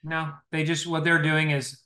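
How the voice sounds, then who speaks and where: A man's voice: a little high, completely flat delivery, normal speed, bright, forceful tone. A man co-hosting a podcast, explaining legal compliance in a casual, joking way with false starts. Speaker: legal compliance expert, co-host.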